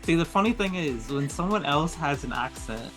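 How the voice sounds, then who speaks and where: A man's voice: fairly high pitch, expressive, normal speed. Man doing a joke british accent, podcast host, keeps cracking up, music under. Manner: playfully faking a British accent; giggly, breaks into laughter. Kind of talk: comedic podcast chat.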